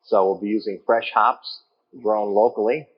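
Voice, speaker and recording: Calm low-voiced man, brewery guest. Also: husky, lo-fi sound. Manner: calm, measured, with frequent "you know" and "um". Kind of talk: casual interview answers. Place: his brewery taproom.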